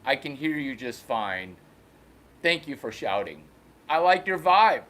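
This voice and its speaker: A man's voice: mid-range voice, big pitch swings, unhurried, a bit bright. A man voicing a big, old, laid-back male cow who talks in blunt, crude slang and calls people bro. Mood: unbothered.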